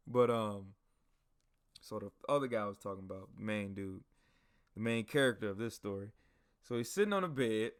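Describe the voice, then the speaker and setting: A man hosting a podcast, telling a story in a casual, animated, slangy and profane way. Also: lowish voice, normal speed, long pauses, clean tone. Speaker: podcast host.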